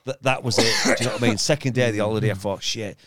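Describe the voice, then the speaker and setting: Fast-talking rambling man. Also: on the low side, steady tone, a bit bright, a little hiss or hum. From Hull, England. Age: 50s. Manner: rambling, stop-start storytelling with many repeats and swearing. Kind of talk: casual chat, anecdote telling.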